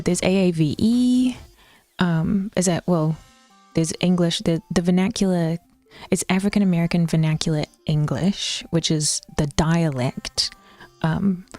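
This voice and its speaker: A woman's voice: fairly low pitch, unhurried, a little mellow, no echo, soft background music. Chatty, swearing New woman streamer. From New Zealand. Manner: chatty, swears often, drops into whispers, laughs a lot. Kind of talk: casual live-stream chat.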